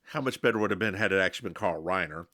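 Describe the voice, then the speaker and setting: A man's voice: sits low, racing, pushed and bright, dry recording, clean studio sound. A man co-hosting a podcast, chatting casually and campily while recapping a TV episode. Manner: chatty, giggly, campy. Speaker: podcast co-host.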